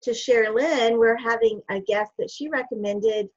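A woman's voice: a little high, moderate pace. A woman co-hosting a casual video call chat, plainly reading out practical announcements. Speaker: co-host. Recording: slightly dull video call audio.

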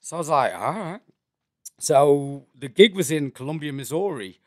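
An English comedian telling stories in casual chat, animated and swearing often. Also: male voice, on the high side, normal speed, dry recording, clean studio sound. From England. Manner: animated, laughing, swears a lot. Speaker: comedian guest.

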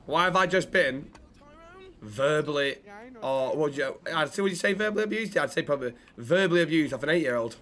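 A man's voice: fairly high pitch, expressive, a little fast, fairly bright tone. A man, casually bantering and joking while streaming a roleplay game. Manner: joking, sweary, chats to viewers. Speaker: streamer playing a roleplay character.

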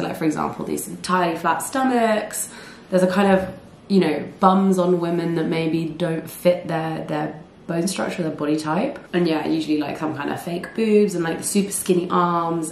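Brief: chatty vlogger in her twenties, lowish slightly hoarse voice, casual camera-mic sound with faint background noise. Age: 20s. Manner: chatty, rambling, often laughing. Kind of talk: casual vlog chat. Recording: echoey room with faint ambience.

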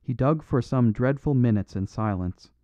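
A man narrating a classic mystery in a measured, steady way. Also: medium pitch, no echo. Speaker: audiobook narrator. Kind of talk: scripted audiobook narration. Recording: dull dry studio recording.

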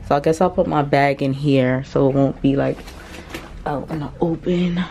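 A woman travel vlogger chatting excitedly to camera in a cruise ship cabin, repeating herself often. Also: low voice, moderate pace, background noise. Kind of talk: casual chat to camera.

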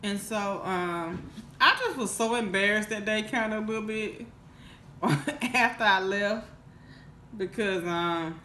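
Her voice is on the high side, bright and forceful, with lively intonation and a slow pace, recorded in a roomy space with slight background noise. This mukbang vlogger's storytime meanders through many restarts and fillers, emotional and earnest throughout.

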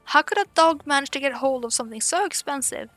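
A woman's voice: high voice, expressive, quick pace, a bit bright, faint music behind. A woman reading the lines of a worried young village boy aloud in a game, earnest and pleading.

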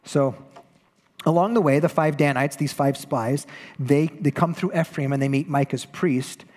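A man's voice: fairly high pitch, a little mellow. Chatty man preaching in a reverberant hall. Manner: conversational storytelling with playful voiced asides. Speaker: pastor. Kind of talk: sermon. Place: church sanctuary.

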